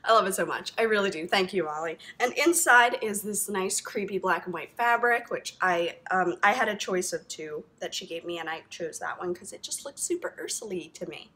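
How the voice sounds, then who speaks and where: A woman's voice: fairly low pitch, lively intonation, moderate pace, few pauses, bright, forceful tone. A woman hosting a knitting podcast, chatting to camera in a gushing, rambling way full of ums and likes. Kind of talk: casual chat to camera.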